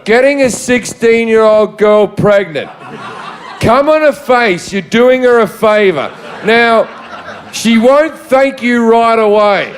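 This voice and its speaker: A male guest comedian trading crude, deadpan punchlines in a live podcast taping. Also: very high voice, slow pace. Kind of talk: stand-up style comedy banter.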